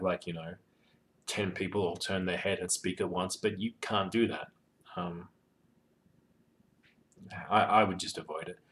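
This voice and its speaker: A man talking casually about running tabletop games, rambling with many ums and you-knows, sweary and joking. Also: fairly low pitch. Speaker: tabletop game master giving advice. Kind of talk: casual advice monologue.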